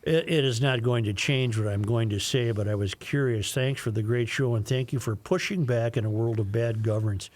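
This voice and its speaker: Dry-voiced talk radio host reading emails. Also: male voice, mid-range voice, brisk, hardly any pauses, a little mellow, dry recording. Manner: reads listener emails aloud, chuckling.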